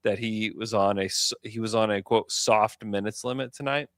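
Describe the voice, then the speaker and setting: A man co-hosting a podcast in casual sports chat, animated and chatty. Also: lowish voice, moderate pace, no room sound, studio quality. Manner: animated, chatty, lots of fillers. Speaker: podcast co-host.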